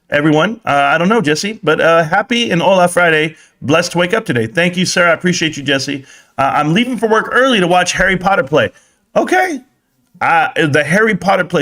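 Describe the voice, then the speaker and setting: A young adult man hosts a casual stock live stream, reading the chat aloud while joking and swearing. He swings between excited shouts and low mutters.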